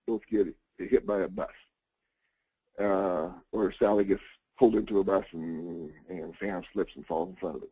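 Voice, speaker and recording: A man's voice: medium pitch, warm tone, no echo, low-quality recording. A man presenting an insurance planning webinar, talking conversationally with frequent fillers and restarts. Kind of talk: informal webinar lecture.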